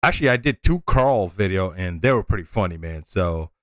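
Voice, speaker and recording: A man's voice: low voice, lively intonation, brisk, noisy background. An American man hosting a reaction video, chatting in a laid-back, casual way. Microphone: studio microphone.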